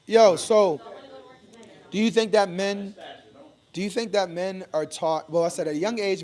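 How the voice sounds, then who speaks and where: A man's voice: high voice, steady tone, a little slow, long pauses, darkish tone. A man hosting a casual talk show, blunt and teasing, with a lot of swearing. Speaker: podcast host. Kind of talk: casual chat.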